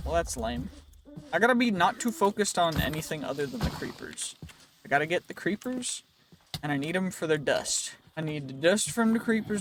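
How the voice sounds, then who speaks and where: A man's voice: fairly high pitch, big pitch swings, a little fast, a bit bright, a little hiss or hum. A young man casually commenting while playing a game, rambling and joking to himself, his voice slightly worn. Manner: chatty, rambling, jokey self-talk. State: voice a bit worn. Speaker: let's play host.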